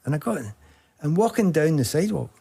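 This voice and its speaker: A man's voice: fairly high pitch, quick pace, gravelly, husky. A Scottish man chatting as a guest, swapping stories in a casual conversation. He tells his anecdotes with energy and keeps breaking into laughter, putting on the voices of the people in them. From Scotland. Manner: animated storyteller, laughs often, acts out quoted voices. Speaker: guest, former footballer.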